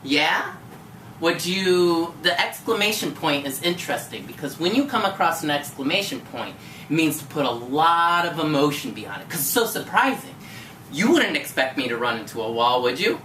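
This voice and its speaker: Low, lively woman teacher in an echoey room. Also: normal speed. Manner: encouraging, patient, questioning. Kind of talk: one-on-one tutoring lesson. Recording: echoey room from far off, faint noise.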